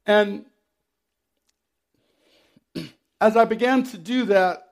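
A middle-aged pastor preaches to his congregation, telling a personal story in a plain, conversational way. His voice sits high for a man, and he breaks up his sentences by clearing his throat and dropping in dry, wry humor. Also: drawn-out words. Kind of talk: sermon.

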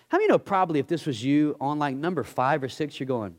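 Guy preaching, voice all over the place, slips into low character voices. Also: fast talker, few pauses. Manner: animated, acts out bible characters in dropped voices. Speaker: guest pastor. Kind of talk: sermon.

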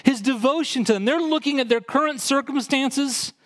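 This male pastor speaks at a moderate pace with a somewhat bright voice, preaching a sermon that explains scripture in a conversational way. He grows higher and more intense when quoting and emphasizing.

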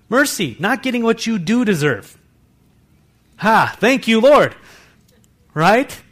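Preaching to his congregation in church, a male pastor speaks animatedly in a high-sitting voice, breaking off now and then for asides to those listening.

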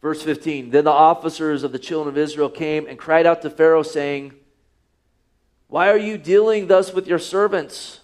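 Man, high voice, preaching a sermon, reads scripture aloud, rhetorical questions. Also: fairly even intonation, moderate pace, a little mellow. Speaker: pastor.

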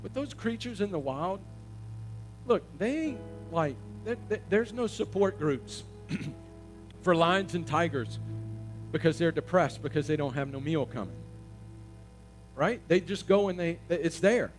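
A man preaching a sermon, asking the congregation questions and swelling to loud emphatic peaks. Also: high voice, expressive, unhurried, long pauses, soft background music. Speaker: pastor.

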